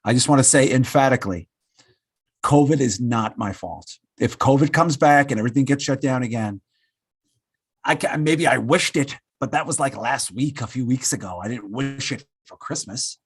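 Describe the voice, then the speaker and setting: A man with a husky, slightly rough voice rambles through a casual podcast chat. He trips over his own words, piles on fillers and pokes fun at himself. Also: medium pitch, brisk, no echo, studio quality. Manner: rambling, self-mocking, with many fillers and restarts. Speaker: podcast co-host.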